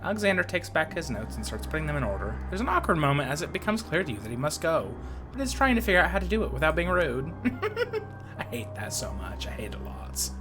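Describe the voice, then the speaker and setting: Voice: mid-range voice, wildly swooping pitch, a little fast, over music. A game streamer reading a story game aloud with playful, self-mocking commentary and frequent laughter.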